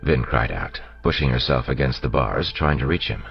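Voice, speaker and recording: A man narrating an audiobook in a steady storytelling manner, on a dull lo-fi recording with faint music. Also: very deep voice, moderate pace, gravelly. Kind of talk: scripted narration.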